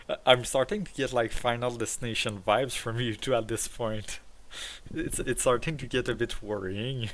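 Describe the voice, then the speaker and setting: A man's voice: mid-range voice, steady tone, moderate pace, fairly bright tone, a little hiss or hum. A man streaming a video game in casual commentary, swearing and laughing freely while he reads game dialogue aloud. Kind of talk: casual let's-play commentary. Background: game music.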